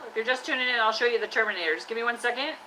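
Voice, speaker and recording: Lady live streaming from her workshop, bright sharp voice, kinda high, joking around and bossing her trash can. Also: very fast, slight background noise, low-quality recording. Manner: chatty, teasing, scolds her trash can like a pal. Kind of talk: casual live-stream chat. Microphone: live-stream camera mic.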